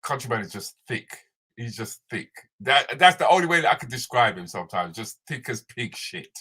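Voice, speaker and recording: A man's voice: mid-range voice, big pitch swings, a little fast, pushed and bright, slightly rough. A man co-hosting a podcast, talking bluntly in casual banter with street slang. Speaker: podcast co-host.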